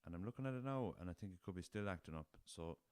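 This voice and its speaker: A man's voice: low voice, animated, fast, darkish tone, smooth, no echo. An Irish man hosting a casual solo podcast, rambling through a story and swearing freely, recorded on a laptop. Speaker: podcast host.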